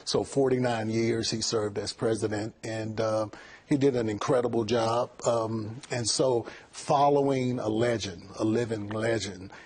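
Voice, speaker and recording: Husky man, earnest college president. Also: fairly low pitch, fairly even intonation, measured pace, a little mellow. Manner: earnest, repeats words while thinking. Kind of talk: interview answers.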